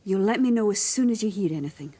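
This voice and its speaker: A woman's voice: mid-range voice, expressive, fast talker, warm tone, slight background noise, natural voice. A woman playing an anxious, caring woman. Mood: worried. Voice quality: fretful, concerned. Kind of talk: TV soap drama.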